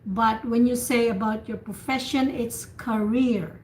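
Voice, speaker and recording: A woman tutor leading an online speaking practice class, patiently repeating words slowly to model pronunciation over a video call. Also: a little high, steady tone. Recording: echoey room with faint noise, video call.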